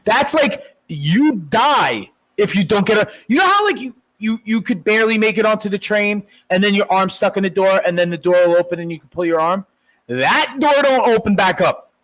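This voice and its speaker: A podcast co-host, talking in excitable, crude, casual banter. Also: male voice, sits high, moderate pace, poor audio. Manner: excitable, swears often, laughs loudly.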